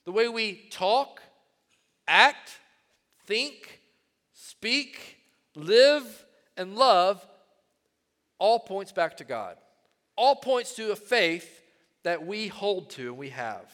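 A man preaching a sermon as pastor, animated, swinging between loud emphatic phrases and hushed ones. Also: sits high, drawn-out words, long pauses, in a large hall.

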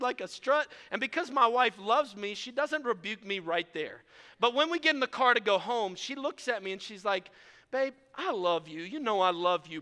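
Male pastor, high clear voice with a bright edge, preaching from a church stage, lively and self-mocking, reverberant sanctuary sound. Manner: animated storytelling preacher, self-deprecating. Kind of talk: sermon. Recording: long reverb of a large hall.

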